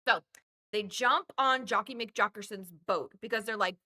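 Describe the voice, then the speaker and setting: A woman's voice: medium pitch, moderate pace. A woman hosting a podcast, casually retelling a movie plot with lots of swearing and acted-out voices. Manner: animated storytelling, acts out characters, swears freely. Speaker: podcast host. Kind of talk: casual movie review chat.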